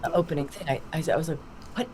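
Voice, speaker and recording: A middle-aged woman, a voice actor, being interviewed on a podcast over a video call, telling animated stories full of acted-out quotes. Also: low-pitched, very fast, slight background noise. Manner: lively anecdotal storytelling with acted-out quotes. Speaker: voice actor guest.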